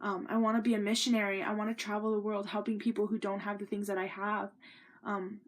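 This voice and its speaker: A young woman telling a personal story in a sit-down vlog, earnest and rambling, with many ums and restarts. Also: medium pitch. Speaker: vlogger.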